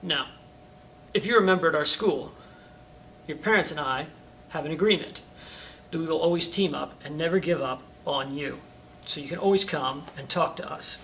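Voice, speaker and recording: A man's voice: normal speed, creaky, long pauses, a bit bright. A middle-aged man, a karate instructor, talking casually to his students and coaching them, often checking in with "all right?". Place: karate school training hall. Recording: distant mic, faint rumble.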